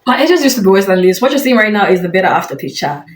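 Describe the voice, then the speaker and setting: A woman's voice: mid-range voice, big pitch swings, rapid-fire, slight background noise. A woman commenting on hair care in a vlog, giving frank advice with light amusement.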